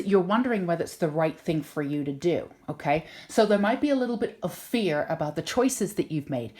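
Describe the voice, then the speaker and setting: A woman giving a spoken tarot reading to her viewers, gentle and reassuring, often repeating words for emphasis. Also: lowish voice. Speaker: tarot reader and intuitive healer.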